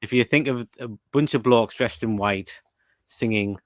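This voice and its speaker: A young British man runs a relaxed quiz segment on a podcast, teasing his co-host and reading listener comments aloud. His voice sits at an ordinary middle pitch. The sound is dry and close, with no room around it. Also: moderate pace, no room sound. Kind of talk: casual chat, quiz questions.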